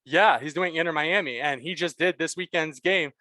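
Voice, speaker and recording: A man co-hosting a casual sports podcast, chatting with quick, emphatic, blunt opinions. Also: on the high side, sharp tone, no echo. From Canada. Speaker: podcast co-host.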